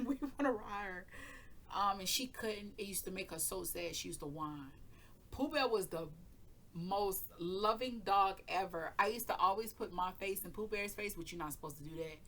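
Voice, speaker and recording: Chatty woman rambling and laughing, bright voice, faint hiss behind. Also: medium pitch, normal speed. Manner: chatty, laughs often, curses freely. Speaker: tarot reading channel host. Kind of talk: casual storytelling chat.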